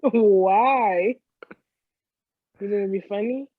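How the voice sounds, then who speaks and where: A woman's voice: medium pitch, takes it slowly, no echo, phone-quality sound. A woman co-hosting a podcast in casual chat, playful and sassy, laughing often. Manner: playful, giggly, sassy slang. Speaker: podcast co-host. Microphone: studio podcast mic.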